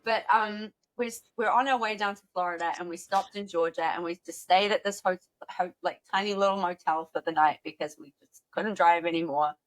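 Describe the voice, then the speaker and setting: A woman's voice: fairly low pitch, brisk, few pauses. A woman podcast host in casual chat, agreeing and swapping stories, swearing freely. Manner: chatty, profane, agreeable.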